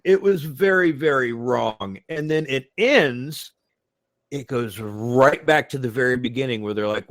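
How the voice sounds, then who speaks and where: A man co-hosting a podcast, chatting in an animated way, often laughing and swearing casually while recapping episodes. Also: mid-range voice, a little slow. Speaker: podcast co-host. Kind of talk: casual chat.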